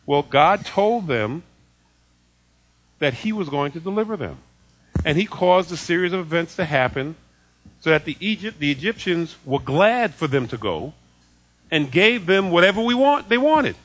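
A man preaching a sermon in an animated way, laughing often and acting out quoted voices. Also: a little high, moderate pace.

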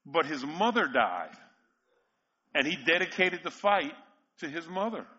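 A man's voice: fairly high pitch, lively intonation, a little slow, pushed and bright, breathy edge, dull audio. A male pastor preaching a sermon, telling stories with emphatic repetition and frequent chuckles. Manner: storytelling, emphatic, chuckles often.

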